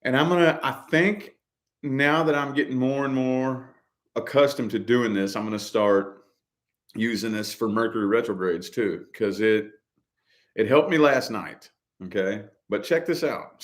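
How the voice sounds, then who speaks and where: A middle-aged man in easy conversation with a voice of ordinary pitch. He rambles and circles back on his points, peppering his speech with casual slang. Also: expressive, moderate pace. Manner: loose, repetitive, slangy, says dude and man. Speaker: podcast co-host. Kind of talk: casual chat.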